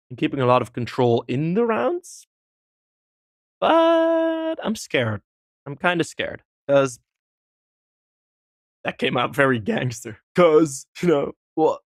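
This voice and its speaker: A man's voice: mid-range voice, fairly bright tone, no echo, studio quality. A man casting a competitive shooter match alone, rambling casually between plays with fillers and small laughs. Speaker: esports caster. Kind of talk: solo live game commentary.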